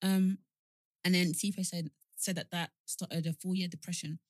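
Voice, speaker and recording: A young woman co-hosting a podcast in casual chat, playful, teasing and expressive. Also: lowish voice, a little slow, no echo. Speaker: podcast co-host.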